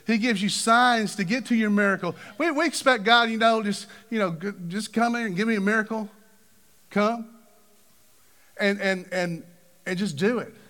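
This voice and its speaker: A man preaching a sermon, acting out the people in his stories with big swings of voice. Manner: animated, acts out quoted figures with big pitch swings.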